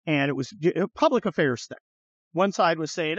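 A middle-aged man hosting a podcast, telling stories in a profane, animated way and acting out the people he quotes. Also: on the high side, a little fast, no room sound. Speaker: podcast host. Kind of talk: casual storytelling chat. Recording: slightly dull, dry studio sound.

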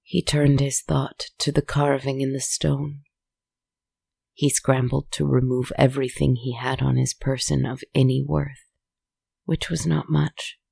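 Gravelly, slow storyteller. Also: mid-range voice, level tone, darkish tone, dry recording. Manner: slow, solemn, measured. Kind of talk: scripted story narration.

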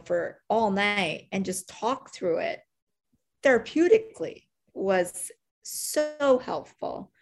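A middle-aged woman, an agency CEO, telling stories in an interview, animated and full of fillers, acting out quoted lines. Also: lowish voice. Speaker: agency CEO, podcast guest. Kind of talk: conversational interview storytelling.

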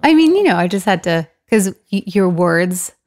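A woman's voice: fairly low pitch, normal speed, dry recording, studio quality. Upbeat woman hosting a chatty podcast. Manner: upbeat, laughs often, animated. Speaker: podcast host. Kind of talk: casual chat, also reads ads.

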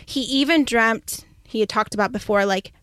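A young woman career coach telling a story in a chatty, excitable way, full of "like". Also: a little high, normal speed, smooth, no echo, studio quality. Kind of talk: casual storytelling monologue.

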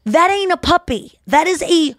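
Animated woman in casual comedic chat. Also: very high voice, moderate pace, no echo, studio quality. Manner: animated, jumps into squealing voices for quotes. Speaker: podcast co-host.

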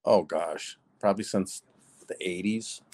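Deep-voiced teasing male co-host. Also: measured pace, a little mellow. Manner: teasing, unsure, offhand. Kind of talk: casual chat.

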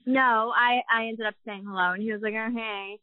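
A woman's voice: on the high side, steady tone, brisk, no echo, narrow, tinny audio. A woman in her thirties co-hosting a podcast, chatting casually and swearing as she tells gossip stories. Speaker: podcast co-host.

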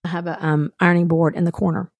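Speaking quickly in a voice on the low side, a woman co-hosts a podcast and narrates a story in relaxed conversation. She animatedly performs the other people's lines, and there's no room sound.

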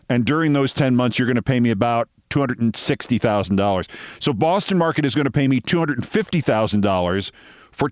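A man's voice: mid-range voice, no room sound, clean studio sound. A middle-aged man hosting a show, telling a long story in a wry, sardonic way and acting out both sides of the conversation. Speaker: host. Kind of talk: storytelling monologue.

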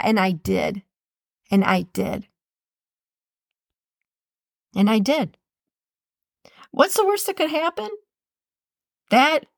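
In studio-quality audio with no echo, a woman podcast host speaks a motivational monologue in a mid-range voice, earnestly repeating phrases to drive them home.

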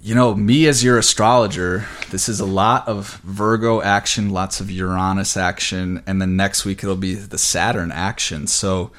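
A man's voice: sits low, normal speed, hardly any pauses. Casual, slightly breathless man astrologer. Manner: casual, excited, rambling with fillers. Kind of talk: weekly astrology forecast.

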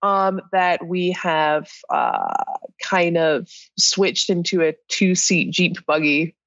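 A guest woman on a podcast with a lowish voice, talking in an easy way and laughing now and then. Her audio is muffled and lo-fi. It sounds dry and close. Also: slow, no room sound. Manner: giggly, relaxed explaining. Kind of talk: casual podcast chat.

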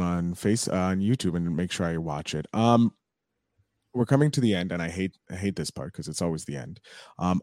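Male host: very deep, relaxed and affirming, dry close mic. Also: no room sound. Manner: easygoing, affirming, filler-heavy. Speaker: podcast host. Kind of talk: casual interview.

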